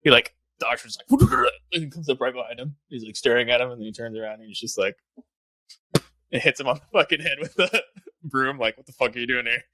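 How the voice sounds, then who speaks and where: Bright-voiced young man retelling a movie. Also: mid-range voice, fairly quick, no room sound. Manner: animated retelling, heavy swearing, frequent laughter. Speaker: podcast co-host, film reviewer. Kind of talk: casual chat.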